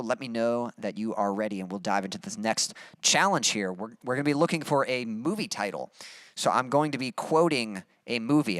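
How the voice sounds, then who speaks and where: A man's voice: medium pitch, fairly bright tone, dry recording, clean studio sound. A young adult man hosting a casual livestream, upbeat and chatty as he reads out viewer comments. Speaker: livestream host and musician.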